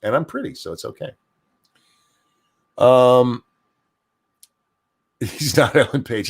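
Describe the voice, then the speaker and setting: An older man hosts a casual streamed talk show, his mid-range voice gravelly and slightly rough as he takes things slowly and pauses often. He swears freely, stays animated and makes self-deprecating jokes.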